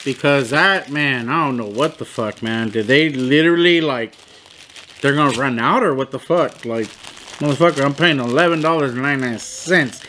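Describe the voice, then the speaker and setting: Young man, casual food review, bright forceful voice, profane, animated complaining, faint hiss behind. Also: medium pitch, moderate pace.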